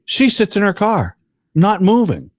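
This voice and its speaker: A man's voice: high-pitched, huge pitch swings, unhurried, dry recording. A man co-hosting a podcast, telling a long profane story in casual chat, with many restarts. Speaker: podcast co-host.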